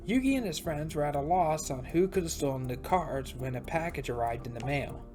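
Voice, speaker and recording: Low-voiced woman narrating a game. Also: animated, fairly quick, few pauses, over music. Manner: chatty, with asides. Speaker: let's play narrator. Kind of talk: casual game commentary and story narration.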